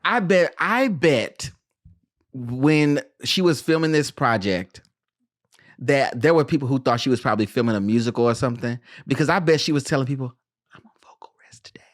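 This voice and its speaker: Animated podcast host reviewing a film. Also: mid-range voice, no echo, studio quality. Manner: animated, joking, quick asides. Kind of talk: casual film review chat.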